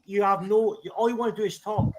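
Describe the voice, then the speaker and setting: A man's voice: sits high, fairly even intonation, quick pace, background noise. An angry, exasperated man arguing on a livestream, swearing constantly. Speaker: livestream guest. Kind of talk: livestream argument.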